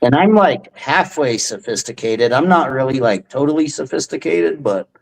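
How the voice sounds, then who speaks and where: A young man hosting a livestream, talking in a rambling, profane, halting way. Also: medium pitch, animated, low-quality recording. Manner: rambling, profane, hesitant restarts. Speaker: stream host. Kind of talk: casual livestream chat.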